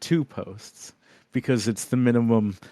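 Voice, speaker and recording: A man co-hosting a casual podcast, talking haltingly with many fillers and restarts. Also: medium pitch, warm tone, no echo. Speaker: podcast co-host. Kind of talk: casual group chat.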